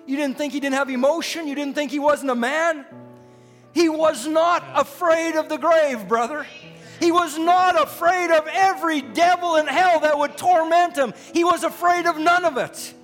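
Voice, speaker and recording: A man preaches a sermon in a strikingly high voice, swelling into fervent shouts. His voice rings through a hall with a long reverb, while faint music plays underneath. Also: moderate pace.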